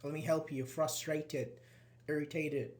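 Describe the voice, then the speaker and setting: Guy teaching english grammar, kinda high voice, patient, acts out annoyed examples. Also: little pitch movement, measured pace, a little mellow. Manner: explains patiently, acts out irritated example lines. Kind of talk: live online grammar class.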